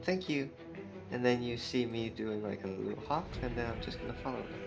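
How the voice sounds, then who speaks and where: A man's voice: mid-range voice, fairly even intonation, fast talker, gravelly, over music. A man talking as a player in an online tabletop role-playing game, hesitant and full of fillers. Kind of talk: tabletop role-play chat.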